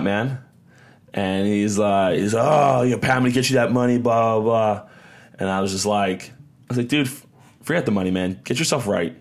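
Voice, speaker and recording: A young man hosting a podcast, telling a story in a rambling, casual way, often repeating words and acting out quotes. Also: fairly low pitch. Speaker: podcast host.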